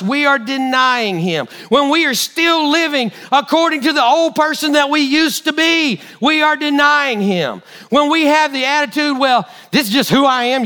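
Brief: male preacher, high and bright voice, lively delivery, animated storytelling sermon. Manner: animated storytelling, acting out quotes.

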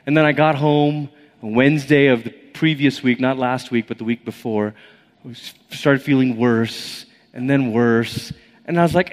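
Animated male preacher in a reverberant hall. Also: fairly high pitch, normal speed. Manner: animated storytelling with acted-out inner voices. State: a little out of breath. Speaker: pastor. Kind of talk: sermon.

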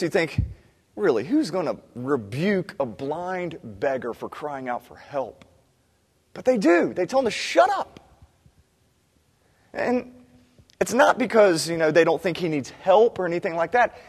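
A man preaching a sermon as pastor, animated, acting out cries of the people he describes. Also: on the high side, breathy edge, in a large hall.

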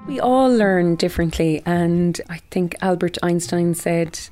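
A woman's voice: on the low side, over music. A middle-aged woman with an Irish accent, a primary school teacher thoughtfully explaining her views on learning in an interview. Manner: thoughtful, earnest, measured. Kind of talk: reflective interview answers.

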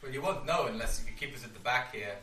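A man's voice: medium pitch, expressive, fast talker, sharp tone, faint music behind. A man playing a tabletop game, making dry, understated remarks. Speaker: player. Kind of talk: tabletop role-play chat. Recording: echoey room, far from the mic.

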